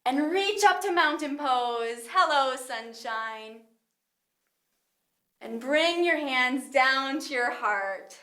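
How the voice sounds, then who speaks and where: A woman with a high, bright voice guides toddlers through a yoga class. She talks slowly, in a cheerful sing-song. Her voice rings in an echoey room. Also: lively intonation. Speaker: kids yoga instructor.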